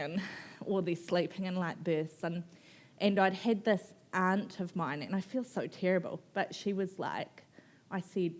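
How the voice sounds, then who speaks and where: A woman, an author telling a personal story in an on-stage conversation, candid and animated, swearing freely and acting out what people said. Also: on the low side, unhurried. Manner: candid, animated, swears, laughs often, acts out quotes. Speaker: author guest at a book festival.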